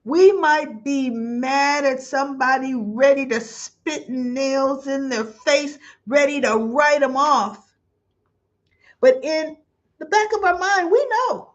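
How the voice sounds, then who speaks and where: A woman hosting a live soap opera comment show. She chats casually, reads viewer comments aloud, and talks in an effusive, emotional way with drawn-out exclamations. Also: sits high, muffled recording.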